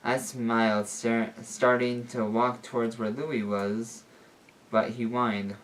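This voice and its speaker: A man's voice: mid-range voice, little pitch movement, slow, fairly bright tone, far from the mic. A man reading a homemade story aloud, stumbling and correcting himself as he goes. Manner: unpolished, stumbles and fixes his words. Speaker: story reader. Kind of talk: reading fan fiction aloud.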